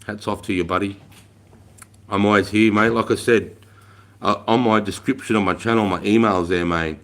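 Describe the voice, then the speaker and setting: A very deep-voiced Australian man in his forties hosting a casual livestream. He rambles, swears freely and calls everyone mate. His sentences often trail off into a quieter mutter. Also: steady tone, normal speed. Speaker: livestream host.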